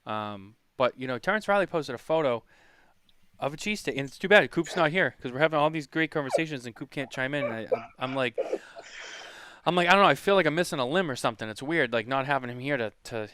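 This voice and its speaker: A man's voice: medium pitch, expressive, fast talker, fairly bright tone, clean tone, dry recording. A man hosting a podcast in casual chat, rambling and chatty as he reads comments. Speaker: podcast host.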